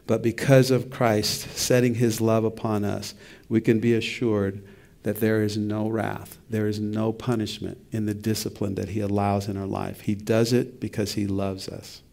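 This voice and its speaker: A man's voice: fairly low pitch, level tone, normal speed, creaky. A middle-aged man, a pastor, teaching a church book study in a conversational, reflective way. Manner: conversational, reflective, with soft laughs and restarts.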